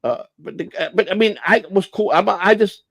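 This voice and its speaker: A man's voice: high-pitched, normal speed, vocal fry, fairly bright tone, dry recording. A middle-aged man from Chicago telling a rambling, profane story on a livestream, acting out what others said. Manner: profane, rambling, acts out quoted voices. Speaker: livestream host. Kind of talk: casual storytelling.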